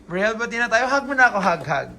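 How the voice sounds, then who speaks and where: A woman's voice: on the high side, lively intonation, rapid-fire, sharp tone, slight background noise. A woman with a Filipino accent playfully interviewing children, teasing and coaxing them in a mix of English and Tagalog.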